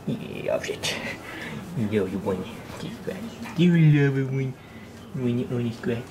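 A man vlogging as he talks to his dog in soft, doting baby talk that often drops to a half-whisper, picked up by a camera microphone. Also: mid-range voice, lively intonation, takes it slowly, long pauses. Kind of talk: casual vlog talking to his dog. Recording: noisy home video recording.

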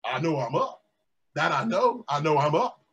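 A pastor preaching a sermon, calling out to his congregation and rising to shouts, recorded in a closed room with its windows blacked out for filming. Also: fairly high pitch, sing-song, normal speed, slightly rough, highs cut off.

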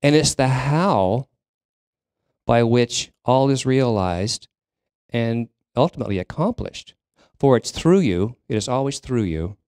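A man preaching a sermon as minister of a spiritual congregation, talking in a halting way, with fillers and restarts as he searches for words. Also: medium pitch, animated, a little mellow, no echo, studio quality. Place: church sanctuary.

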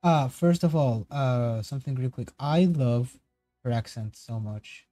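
A man's voice: medium pitch, unhurried, no echo, soft background music. A man streaming a casual reaction to game cards, rambling and correcting himself as he goes. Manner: rambling, self-correcting, excitable tangents.

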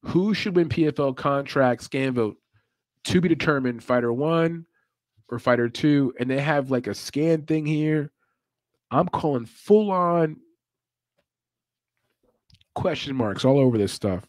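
A man's voice: mid-range voice, unhurried, long pauses, darkish tone, dry recording. Laid-back man hosting live. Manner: laid-back, chatty, laughs often. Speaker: podcast host. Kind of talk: casual live commentary.

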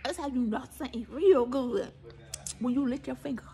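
A woman's voice: high-pitched, moderate pace, dark tone. An older woman with a Southern US accent, chatting playfully while eating on camera, laughing and preaching as she goes. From American South. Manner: playful, preachy, laughs a lot, sings snippets. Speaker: vlogger. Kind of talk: casual mukbang chat.

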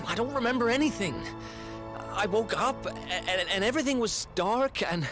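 A man's voice: high-pitched, fairly bright tone. An actor playing a young man in a video game who has lost his memory, hesitant, stammering and apologetic. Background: game music.

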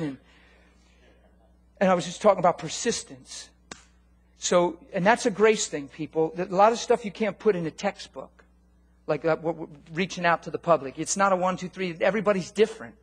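A man preaching a sermon in a church, animated, swinging from loud commands to low, quiet appeals. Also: husky. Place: church hall.

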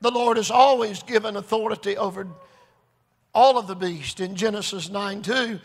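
A man preaching a revival sermon, swinging between shouted, chanting phrases with an "uh" between them and low, confiding talk. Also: normal speed. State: recovering from Bell's palsy. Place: large church or revival hall. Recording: long hall reverb.

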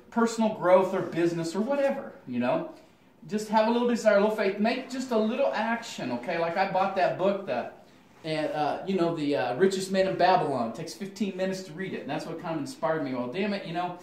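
Chatty man in an echoey room. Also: fairly high pitch. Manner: folksy, chatty, many fillers and restarts. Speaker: channel host. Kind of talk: rambling casual vlog talk. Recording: echoey room, mic at a distance.

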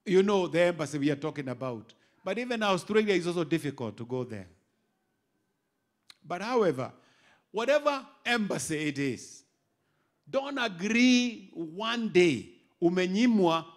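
High-voiced Kenyan bishop preaching. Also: male voice, moderate pace. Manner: animated preaching that swings between quiet asides and loud exhortation. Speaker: bishop and pastor. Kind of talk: sermon.

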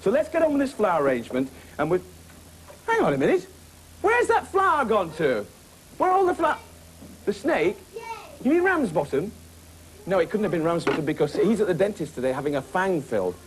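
A man hosting a children's puppet show, playing a brisk, jovial teacher who scolds his puppets. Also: high voice, wildly swooping pitch, a little hiss or hum.

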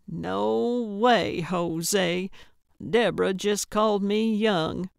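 An elderly, self-assured amateur sleuth, as a woman narrator puts her on. She speaks slowly and with confidence, in a smooth, clear voice with a dry studio sound. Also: medium pitch, no echo. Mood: confident. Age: older.

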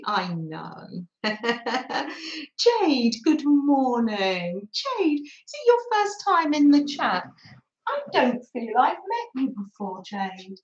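A woman vlogger chatting casually on a live stream, giggling often and talking warmly to viewers and her dogs. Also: high-pitched, big pitch swings, extremely slow, echoey room, lo-fi sound. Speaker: craft vlogger. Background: pet dogs nearby.

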